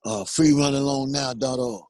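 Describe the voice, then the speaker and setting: A man's voice: medium pitch, steady tone, moderate pace, a little mellow, dry recording. An older man speaking earnestly as a guest, peppering his talk with "man" and "you understand.". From United States. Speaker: guest, exoneree. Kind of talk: emotional phone interview.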